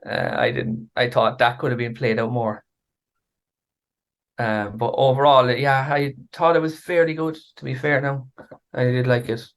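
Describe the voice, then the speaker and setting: A man co-hosting a podcast, talking hesitantly with many pauses and fillers. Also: mid-range voice, steady tone. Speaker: podcast co-host.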